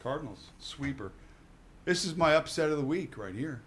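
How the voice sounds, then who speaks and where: A man with a fairly high voice co-hosts a sports radio show, firing off football picks in lively, upbeat, casual betting banter. There's a little hiss or hum on the recording.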